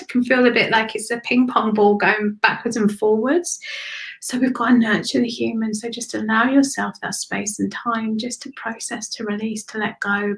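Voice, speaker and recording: Woman, spiritual reader, soothing, slow, repeats phrases, slips into whispers. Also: on the high side, gravelly, a bit bright, low-quality recording. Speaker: spiritual reader giving card readings. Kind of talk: live-stream intuitive reading.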